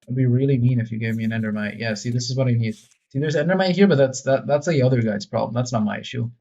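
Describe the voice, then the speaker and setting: Man, mid-pitched, casual gaming commentary with a self-mocking, rambling delivery; slightly muffled, lo-fi recording. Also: fast talker, darkish tone. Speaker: gaming video creator.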